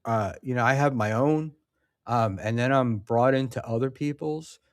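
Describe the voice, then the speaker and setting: A man's voice: medium pitch, moderate pace, smooth, no echo, clean studio sound. A man hosting a casual livestream, reading chat and talking with rambling, sarcastic asides and lots of ums.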